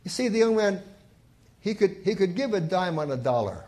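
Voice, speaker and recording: A man's voice: sits high, very animated, normal speed, a little mellow. A man preaching a sermon in a church, telling stories and stressing key points with rising emphasis. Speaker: pastor.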